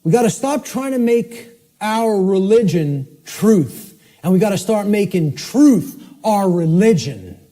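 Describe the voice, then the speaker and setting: A man giving a forceful, emphatic lecture, often checking in with "okay?" and spelling words out letter by letter. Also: high voice, big pitch swings, slow pace, hardly any pauses.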